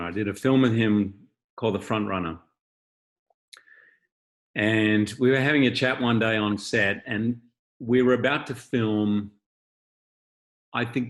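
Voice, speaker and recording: Guy with a lowish voice on a video call, chatting openly about his work, thoughtful and candid. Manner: reflective, openly shares feelings. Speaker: guest interviewee, patron of an acting school. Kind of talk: candid anecdotal storytelling.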